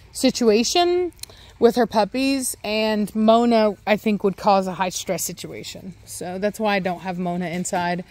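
Rambling woman vlogging among her dogs. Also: medium pitch. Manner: rambling, with many ums and restarts; breaks off into sharp commands to dogs. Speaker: dog breeder and vlogger. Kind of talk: casual vlog chat. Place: kennel area with several dogs. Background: dogs barking and moving.

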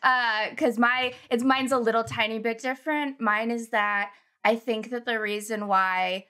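A woman with a bright, sharp voice pitched a little high joins a casual panel chat. She talks quickly and emphatically. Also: fairly even intonation. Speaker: panel guest.

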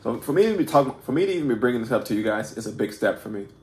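In an echoey room, a man teaches poetry in a casual, unscripted video lesson, his mid-range voice sing-song, racing and a little mellow. He's informal and self-deprecating, restarting often, repeating words and checking in with "right?".

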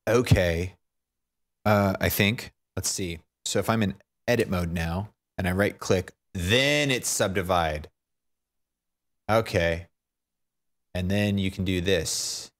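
Man, low voice, unhurried, unscripted tutorial, muttering his way through problems and mocking himself. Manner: thinks aloud, fumbling and self-mocking. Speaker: tutorial maker. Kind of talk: unscripted screen-recorded tutorial.

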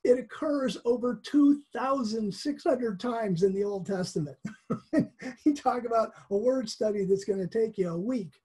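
Husky, mellow-voiced Bible teacher. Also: medium pitch, measured pace. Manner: chatty, explanatory, with chuckles and restarts. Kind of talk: conversational Bible lesson.

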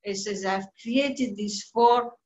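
A woman giving a slow, deliberate scripture class, pausing often with soft fillers. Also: mid-range voice, faint music behind. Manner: slow, deliberate teaching with many pauses and fillers. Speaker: spiritual teacher. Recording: dull lo-fi recording.

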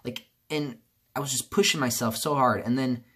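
A man speaks alone to camera in a loose, rambling vlog. He restarts sentences and leans on fillers, sinking into quiet, low stretches before bursting out louder. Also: fairly even intonation, moderate pace, slightly rough. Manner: rambling, many restarts and fillers, swings from subdued to loud outbursts. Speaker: YouTuber. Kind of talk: casual vlog monologue.

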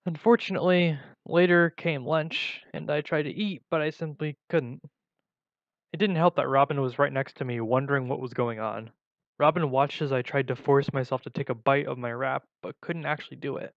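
Guy reading a story out loud, steady, kinda gravelly, dry dull mic. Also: mid-range voice, normal speed, dry recording. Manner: plain, steady reading with small slips and restarts. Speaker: story reader. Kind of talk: reading a first-person story aloud. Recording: dull lo-fi recording.

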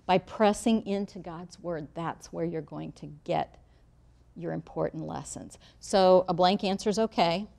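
A woman's voice: on the low side, unhurried, gravelly, a little mellow. A middle-aged woman leading a women's Bible study in a church room, talking to the group in a direct, reassuring way. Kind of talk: teaching talk to a live group.

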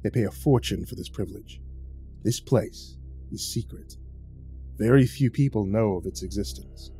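A man voicing a stern older male caretaker boss with a heavy Eastern European accent, speaking slowly and gravely. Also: fairly low pitch, mellow, soft background music, pitched below the performer's own voice, natural voice. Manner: grave, slow, commanding.

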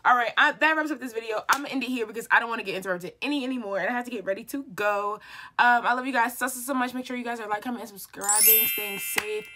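A woman's voice: on the high side, fast, pushed and bright, a little hiss or hum. Chatty young woman vlogging her makeup. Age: young adult. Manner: chatty, slangy, encouraging. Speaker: beauty vlogger. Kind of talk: casual get-ready-with-me chat. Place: home, indoors.

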